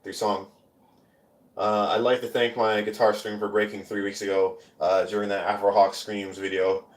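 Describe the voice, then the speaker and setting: A man's voice: on the low side, flat delivery, moderate pace. A man performing his spoken word poetry on a live stream, with casual rambling talk between the poems and chanted, repeated lines within them. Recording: roomy echo.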